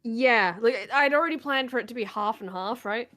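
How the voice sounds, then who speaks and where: A woman's voice: on the high side, normal speed, a bit bright, faint music behind. A woman guest chatting casually on a stream, hesitant, stammering and laughing.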